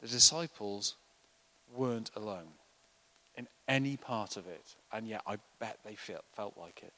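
A man preaching a sermon, animated and acting out the voices of people in the story. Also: lowish voice, a little slow, low-quality recording. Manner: animated, acts out voices of the disciples.

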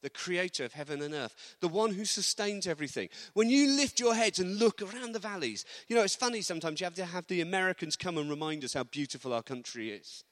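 A man preaching a sermon, animated, acting out quotes with humorous asides. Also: high-pitched, fast talker, hardly any pauses. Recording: long reverb of a large hall.

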